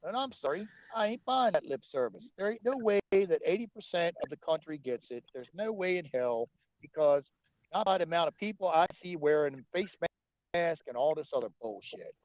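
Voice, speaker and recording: A man on a livestream rants and argues with his viewers, swearing hard at every turn. His voice sits a little high. The sound is dry and muffled, like cheap stream audio. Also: lively intonation, normal speed, no echo. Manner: profane, angry, argumentative. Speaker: livestream host. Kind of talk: heated livestream rant.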